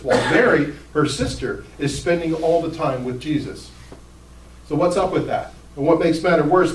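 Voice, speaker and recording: A male pastor preaching in a casual, conversational way, acting out the people in his story. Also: a little high. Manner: casual, conversational, animated with acted-out quotes. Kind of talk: sermon. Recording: roomy hall, distant mic, faint ambience.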